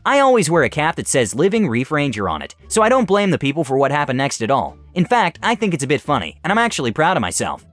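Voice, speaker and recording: A man narrating online stories in an animated, scripted way. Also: a little high, fast, few pauses, no echo, faint music behind. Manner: animated storytelling.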